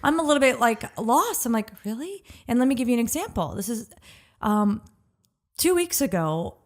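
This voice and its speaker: A woman's voice: fairly high pitch, animated, moderate pace. A woman co-hosting a podcast in casual chat, telling stories and acting out her own thoughts as quotes. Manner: chatty storyteller who acts out her own quoted thoughts. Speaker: podcast co-host.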